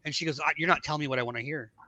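A middle-aged man telling his life story in a casual podcast chat, acting out the dialogue of the people in it with animated voices. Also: on the high side, rapid-fire, no echo. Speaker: podcast guest.

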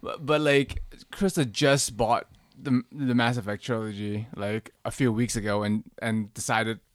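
A man co-hosting a casual podcast chat about games and collectibles, easygoing and trailing off quietly at the ends of thoughts. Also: mid-range voice, fairly even intonation, a little slow, dry recording, clean studio sound. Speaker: podcast co-host.

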